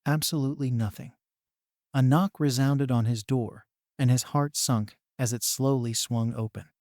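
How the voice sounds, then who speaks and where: A man narrating a fan-written story in a steady, even reading. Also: mid-range voice, moderate pace, no room sound, clean studio sound.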